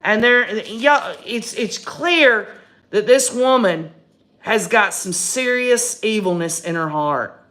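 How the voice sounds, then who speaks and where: A woman's voice: medium pitch, lively intonation, slow, fairly bright tone. A middle-aged woman giving emphatic live commentary on a true-crime case and talking straight to her viewers. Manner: emphatic, addresses viewers as "y'all", repeats and restarts when indignant. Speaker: livestream host.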